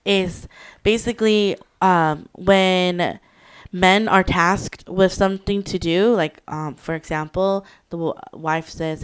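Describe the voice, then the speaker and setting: A woman's voice: lowish voice, steady tone, slow pace, clear, resonant tone. A woman co-hosting a casual podcast, chatty and explaining with acted-out examples. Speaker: podcast co-host. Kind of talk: casual chat.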